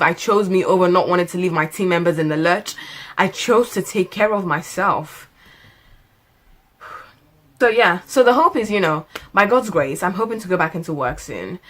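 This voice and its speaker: Woman, late 20s, low-pitched voice, chatty vlog to camera, faith talk, stretched words. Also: animated, normal speed. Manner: chatty and faith-driven, drifts into preaching; laughs often, stretches words for emphasis. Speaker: lifestyle vlogger. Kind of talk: casual chat to camera.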